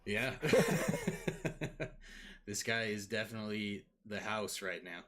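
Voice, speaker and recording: Laughing low-voiced man running the game. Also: animated, takes it slowly, fairly bright tone. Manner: laughs often, explains rules patiently. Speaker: dungeon master.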